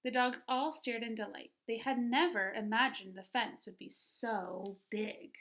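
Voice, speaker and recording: A woman teacher reading a children's picture book aloud with expression, pausing to ask her listeners questions. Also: a little high, steady tone, fairly bright tone.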